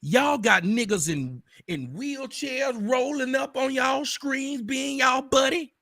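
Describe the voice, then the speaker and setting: A man ranting straight at the camera, profane and confrontational, repeating himself and bursting into shouts. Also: extremely high pitch, takes it slowly, creaky, no echo, studio quality. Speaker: online commentator. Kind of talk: angry direct-address rant.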